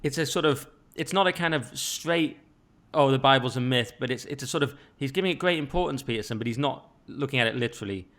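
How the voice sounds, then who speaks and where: Guy hosting a chatty podcast, talks really fast, lots of asides and restarts. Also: mid-range voice, a bit bright. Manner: rambling, restarts, quick asides. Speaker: podcast host. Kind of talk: casual podcast conversation.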